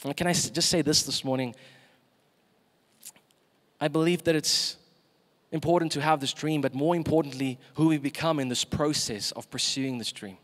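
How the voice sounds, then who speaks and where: A preacher with a slightly high voice. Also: male voice, normal speed, long pauses, big-room sound. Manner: emphatic, asks the congregation questions. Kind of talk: sermon. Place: church.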